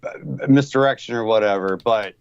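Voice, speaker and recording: A man's voice: fairly low pitch, fairly quick, smooth, no room sound. A man guest chatting casually, rambling with many fillers and swear words. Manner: rambling, hesitant, heavy swearing. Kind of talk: casual chat. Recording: dull dry lo-fi audio.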